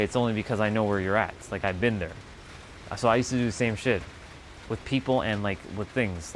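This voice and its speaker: A man's voice: lowish voice, slight background noise. A man in his thirties hosting a livestream, telling stories in a casual chat full of swearing and mocking quoted asides. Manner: profane, animated storytelling with mocking quoted asides. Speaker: livestream host.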